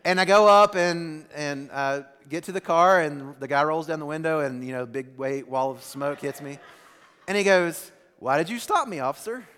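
A man preaching a sermon as pastor, telling a story with animated bursts that drop to a hushed, slow delivery. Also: fairly high pitch, clear, resonant tone, in a large hall.

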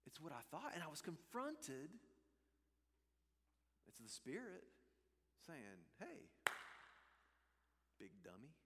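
A male pastor preaching a sermon, telling a personal story in an animated, self-deprecating way. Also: on the high side, slow, pauses often, big-room sound, slight background noise.

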